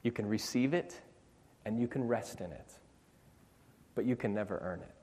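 A man preaching a sermon as pastor, earnest and emphatic, slowing down to stress key phrases. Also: fairly low pitch, darkish tone. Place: church sanctuary. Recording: long church reverb.

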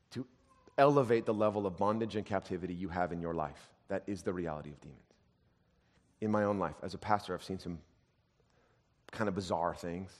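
A male pastor with a fairly low voice delivers a storytelling sermon. He pushes some passages out loud and emphatic, then drops to a hushed undertone. His voice carries a long reverb, as if recorded in a large church hall.

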